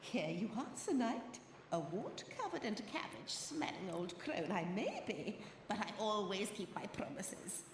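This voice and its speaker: A woman's voice: medium pitch, wildly swooping pitch, unhurried. A wart-covered old crone witch. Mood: theatrical. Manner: theatrical, swooping delivery. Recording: echoey game audio with crowd noise.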